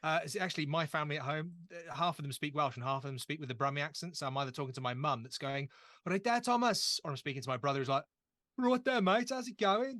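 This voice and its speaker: A man's voice: mid-range voice, steady tone, racing, hardly any pauses, sharp tone, no echo. A young man running a tabletop horror game as game master, chatty and self-deprecating as he sets the scene. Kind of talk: actual-play game narration.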